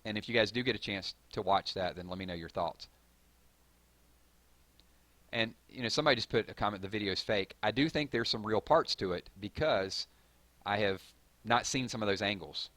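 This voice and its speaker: A man's voice: lowish voice, moderate pace, sharp tone, no room sound. A man hosting a live stream, chatting loosely and rambling through viewer comments with plenty of fillers and restarts. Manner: rambling and conversational, with frequent fillers and self-corrections.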